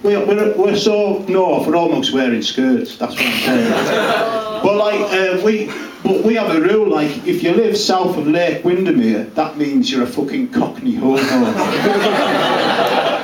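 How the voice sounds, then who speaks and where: A man's voice: on the high side, expressive, a little slow. A man playing a blunt, rambling male Cumbrian farmer in a live stand-up character act, speaking crudely with a Cumbrian accent. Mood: brash. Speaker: character comedian. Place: small pub comedy room, live audience. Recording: roomy, distant mic, noisy live room.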